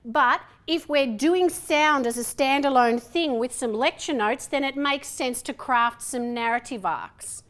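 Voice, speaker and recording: Australian woman, middle-aged, high-pitched, lively speaker at a conference, acts out dialogue. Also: unhurried, hardly any pauses. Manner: chatty, animated, acts out dialogue. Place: lecture hall.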